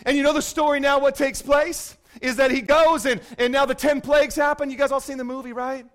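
A man preaching a sermon as pastor, swinging between loud declarations and hushed, quiet asides. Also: extremely high pitch, little pitch movement, brisk.

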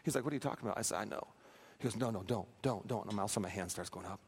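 A man preaching a sermon, telling a story with animated, acted-out quotes and humor. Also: fairly low pitch, racing, a crowd in the background. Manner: animated, acts out quotes, plays for laughs. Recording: reverberant hall.

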